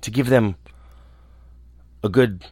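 A man who hosts a show, talking alone in a small room in a reflective, earnest way, often restarting and trailing off softly. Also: on the low side, breathy edge, no echo. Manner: earnest, halting, with restarts and soft trailing endings. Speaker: radio host. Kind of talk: reflective casual monologue.

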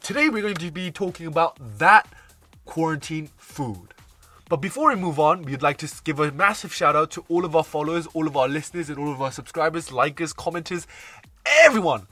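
A man's voice: fairly high pitch, animated, a little fast, bright, forceful tone, no room sound, soft background music. A young man from Britain co-hosting a podcast in jokey, playful banter. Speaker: podcast co-host. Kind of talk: casual chat.

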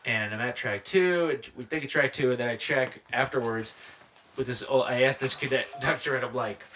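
A young man, a guest comedian, telling animated, laughing anecdotes in a casual podcast chat, holding the mic close to his mouth. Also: medium pitch, moderate pace, a little hiss or hum. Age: young adult. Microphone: handheld mic held close to mouth.

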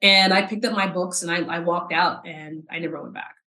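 A woman's voice: lowish voice, steady tone, pushed and bright. Earnest woman from South Texas, echoey. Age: 40s. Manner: earnest, halting with repeated words. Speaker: podcast guest, nonprofit CEO. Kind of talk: emotional personal storytelling. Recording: roomy echo.

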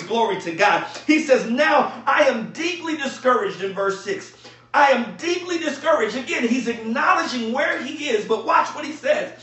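Fervent high-voiced preacher in an echoey room. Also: male voice, recorded from a distance. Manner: fervent preaching, rising to shouts. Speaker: pastor. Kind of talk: sermon.

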